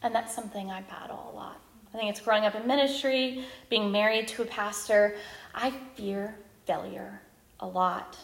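A woman's voice: medium pitch, normal speed, gravelly. Candid woman telling her story in an echoey hall. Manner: candid and self-deprecating, lively storytelling. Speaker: guest speaker at a women's ministry event. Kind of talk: personal testimony talk.

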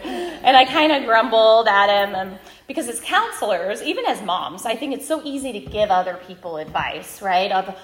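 A woman's voice: medium pitch, moderate pace, few pauses. Candid woman telling her story in an echoey hall. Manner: candid and self-deprecating, lively storytelling. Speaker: guest speaker at a women's ministry event. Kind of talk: personal testimony talk.

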